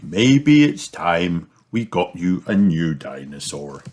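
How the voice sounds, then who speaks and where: A man's voice: sing-song, slow, a little mellow, full character voice. A man voicing a jolly but fussy father pig who grumbles and doubts, in a children's storybook. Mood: fatherly. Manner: low, grumbling.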